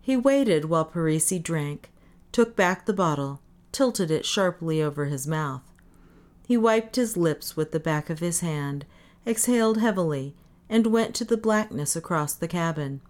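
A woman narrating a story as an audiobook, in a measured, even reading. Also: sits low.

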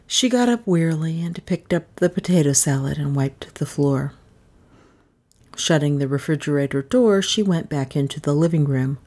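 A woman narrating a story with a low-set voice that still swoops and bounds through each sentence. Her reading is expressive and animated, in steady storybook narration. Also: normal speed. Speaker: audiobook narrator.

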